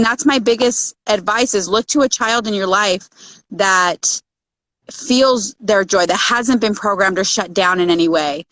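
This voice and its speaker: A woman's voice: mid-range voice, fairly bright tone, no echo. A woman co-hosting a casual podcast chat, talking in an earnest, reflective, advice-giving way. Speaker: podcast co-host.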